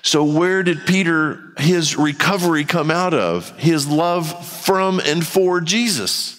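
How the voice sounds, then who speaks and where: A man's voice: a little high, measured pace, a bit bright, big-room sound. A man preaching a sermon in a church in a conversational style, acting out quotes as he goes. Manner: conversational preaching with acted-out quotes and rising intensity. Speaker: pastor.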